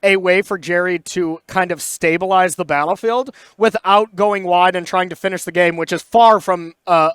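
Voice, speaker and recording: Smooth high-voiced male commentator. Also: normal speed, few pauses, fairly bright tone, dry recording. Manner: analytical, explains plays, laughs easily. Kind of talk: game commentary.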